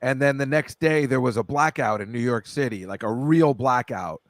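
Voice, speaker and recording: A man's voice: mid-range voice, moderate pace, dry recording. A middle-aged man hosting a podcast, rambling in casual chat with a jokey, self-deprecating manner. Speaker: podcast host.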